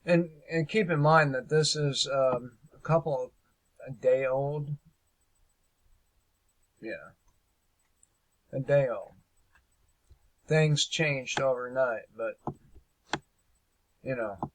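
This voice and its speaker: A man's voice: mid-range voice, slow, pauses often, a little hiss or hum, rough recording. A man hosting a casual political commentary show, speaking hesitantly with lots of fillers and a sarcastic edge.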